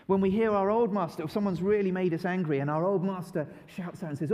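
A male preacher gives a children's sermon in a church hall, his voice mellow and a little high for a man. The long hall reverb trails after each phrase. He is animated, stretching words and asking the children to say lines with him. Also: fast, hardly any pauses. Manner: lively, repeats phrases for listeners to join in.

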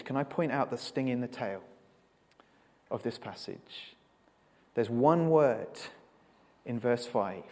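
A man preaching a sermon, earnest and measured, asking rhetorical questions. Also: medium pitch, darkish tone. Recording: long reverb of a large hall.

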